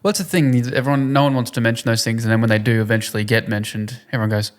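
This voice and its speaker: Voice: mid-range voice, steady tone, racing. A co-host from Australia chatting casually on a podcast, answering with brief agreements and dry quips. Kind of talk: casual chat.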